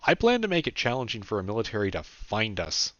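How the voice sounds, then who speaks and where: A man's voice: fairly low pitch, wildly swooping pitch, fast, fairly bright tone, no echo. A man voicing a candid young man who rambles casually and swears freely, in an audiobook. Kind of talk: audiobook character voice. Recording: dull dry lo-fi recording.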